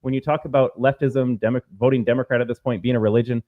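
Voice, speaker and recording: A man's voice: medium pitch, fairly even intonation, fast talker. A man hosting a political commentary show, talking in a combative, sarcastic way and mocking opponents with put-on quotes. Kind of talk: opinion commentary. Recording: phone-like narrow sound.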